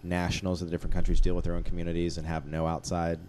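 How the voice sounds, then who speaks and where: A man's voice: sits low, monotone, racing, background noise. A man co-hosting a casual discussion podcast, rambling with many restarts and fillers. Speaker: podcast co-host.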